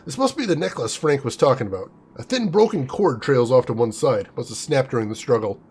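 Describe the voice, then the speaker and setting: A man hosting a casual let's-play of a video game, an excitable, animated storyteller. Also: medium pitch, fairly quick, breathy edge. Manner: animated, excitable storyteller, laughs and yelps easily. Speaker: gaming channel host.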